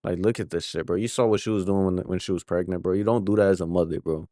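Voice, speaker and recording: A man's voice: low voice, fairly even intonation, fast talker, dark tone, dry recording, studio quality. A man giving casual reaction commentary, slangy and peppering his talk with "bro". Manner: slangy, says bro often.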